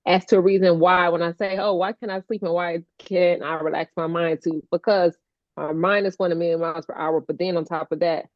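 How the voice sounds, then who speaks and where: A woman co-hosting a heartfelt casual chat, animated and playful, laughing often. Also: fairly low pitch, fairly quick, dry recording, highs cut off. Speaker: co-host, stroke survivor advocate.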